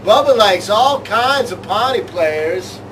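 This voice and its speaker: A man's voice: high-pitched, expressive, takes it slowly, a bit bright, distant mic, a little hiss or hum, rough recording. A man co-hosting a comic sports show, jokey and rambling. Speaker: co-host.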